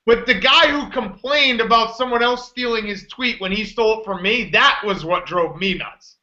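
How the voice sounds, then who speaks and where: A man's voice: high-pitched, normal speed, bright, forceful tone, roomy sound, highs cut off. A man co-hosting a casual blog show, arguing and telling stories with exasperation. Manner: argumentative, exasperated storytelling. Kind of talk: casual sports-blog banter.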